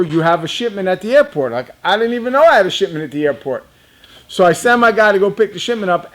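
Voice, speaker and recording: A man in his fifties casually telling a personal story, chatty and laughing often, talking straight to young viewers. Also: on the high side. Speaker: reptile business owner.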